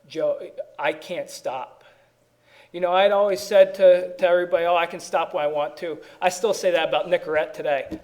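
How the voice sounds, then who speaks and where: A man's voice: fairly high pitch, a little mellow. Rambling man telling his recovery story. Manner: rambling, many restarts, self-deprecating humor. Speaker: AA speaker. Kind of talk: personal recovery story at a meeting.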